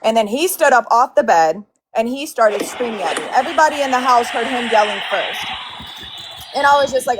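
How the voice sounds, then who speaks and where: A woman's voice: on the high side, animated, a little fast, slight background noise. A woman casually recounting a heated fight with many fillers and restarts. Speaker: guest telling her side.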